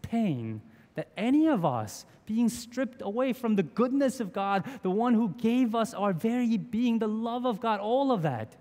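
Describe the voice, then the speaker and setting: A man's voice: high voice, expressive, unhurried, a little mellow. A man in his thirties preaching a sermon in an earnest, conversational way, with small restarts. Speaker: pastor. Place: church sanctuary. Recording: long church reverb.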